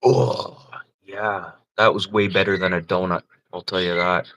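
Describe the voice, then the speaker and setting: In a low, level voice and an unhurried manner, a man hosts a livestream, chatting casually and laughing often as he tells rambling, profane stories against a noisy background.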